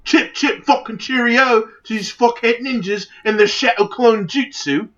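A man's voice: medium pitch, racing, voice pushed down, natural voice. A man doing an over-the-top, badly faked British accent as a rowdy, swearing pub bloke. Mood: outraged. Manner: profane, exaggerated, self-admittedly terrible British accent. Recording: lo-fi, dull sound.

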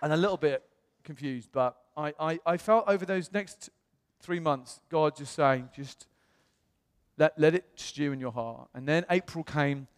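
Chatty pastor in a big hall. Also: male voice, on the high side, measured pace, smooth. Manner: chatty storytelling, animated voices when quoting others. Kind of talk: sermon.

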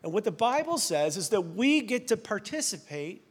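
Pastor, man, forties, slightly high voice, easy self-mocking humor, big echoing hall. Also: sing-song, moderate pace, slightly rough. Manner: conversational, self-deprecating humor. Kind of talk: sermon. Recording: long hall reverb.

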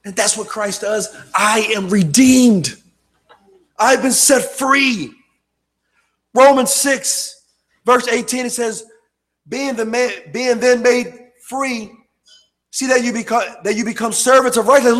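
Male pastor very high voice, impassioned sermon, swings from loud to hushed. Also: fairly even intonation, measured pace. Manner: impassioned, shouting and then dropping low.

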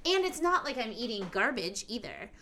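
A woman's voice: on the high side, very animated, moderate pace, sharp tone, slight background noise. A woman co-hosting a podcast who talks candidly in casual chat and swears freely. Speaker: podcast co-host.

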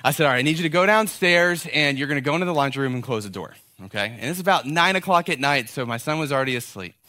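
Bright-voiced animated male pastor. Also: on the high side, quick pace, dry recording. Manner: animated storyteller, acts out quoted dialogue. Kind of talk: sermon with a personal story.

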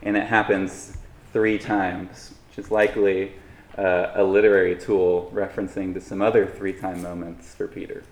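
A man's voice: low-pitched, level tone, moderate pace, roomy sound. A man preaching a sermon in a conversational way, with light humorous asides to the congregation. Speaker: pastor.

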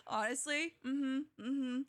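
A young woman hosting a casual podcast chat, animated and laughing often. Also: sits high, slow, dry recording. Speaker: podcast host.

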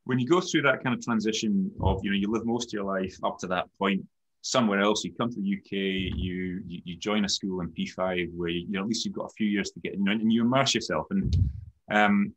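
A middle-aged man, a company head and podcast guest, recounting his school and university years in a thoughtful, halting way full of restarts. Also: lowish voice, fairly even intonation. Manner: thoughtful, halting, many restarts and "you know"s. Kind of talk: reflective conversational storytelling.

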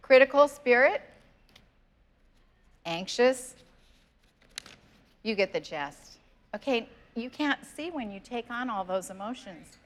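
A woman's voice: a little high, lively intonation, takes it slowly, pauses often. Woman pastor, earnest conversational sermon, church service, scripture readings. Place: church sanctuary.

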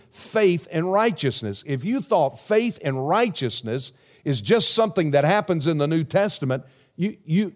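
Slightly high-voiced emphatic preaching man. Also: darkish tone. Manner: measured, emphatic preaching with repeated phrases and rhetorical questions. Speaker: pastor. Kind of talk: sermon.

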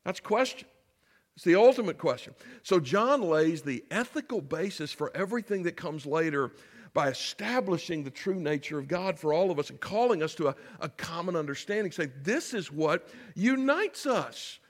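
A male pastor preaching with a high, bright voice and an emphatic delivery, often turning straight to the congregation. His voice rings out with the long reverb of a church sanctuary. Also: lively intonation, normal speed. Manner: emphatic, direct address to congregation. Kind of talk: sermon.

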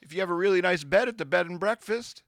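A man's voice: high-pitched, fast talker, no room sound. A man co-hosting a podcast in casual comedic chat, joking and playful. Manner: joking, playful, animated storytelling. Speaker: podcast co-host.

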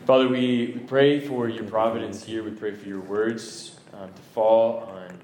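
Man praying slow and halting, lowish voice, roomy echo. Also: fairly even intonation, a little mellow, a little hiss or hum. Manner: slow, halting prayer with fillers and repeated Lord. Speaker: prayer leader. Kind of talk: spoken opening prayer. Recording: echoey room with faint ambience.

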